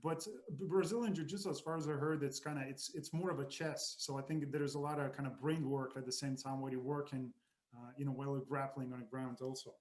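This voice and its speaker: A man hosting a podcast interview, asking questions haltingly and rephrasing them as he goes. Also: mid-range voice, steady tone, a little mellow. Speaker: podcast host.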